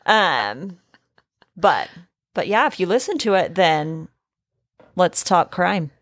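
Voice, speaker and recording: A woman from Oklahoma co-hosting a podcast in casual chat, talkative and quick to laugh. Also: lowish voice, lively intonation, a bit bright, no echo, clean studio sound. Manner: chatty, restless, quick to laugh. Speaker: podcast co-host.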